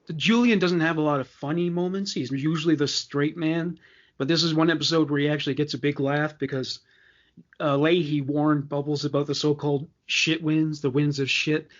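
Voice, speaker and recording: Higher-voiced man in hesitant fan chat. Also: steady tone, moderate pace, highs cut off. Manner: hesitant, many fillers and restarts. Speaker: podcast co-host.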